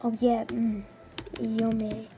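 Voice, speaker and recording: Giggly high-voiced woman gaming. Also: monotone, slow pace, warm tone, soft background music. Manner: giggly, playful, chatters to in-game characters. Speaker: gaming channel host. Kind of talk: casual game commentary.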